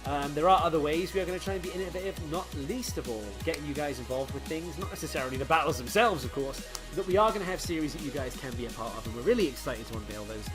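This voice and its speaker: A young man co-hosting in a casual, excitable, jokey chat. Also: fairly high pitch, rapid-fire, hardly any pauses, music in the background. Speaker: co-host of a game league channel.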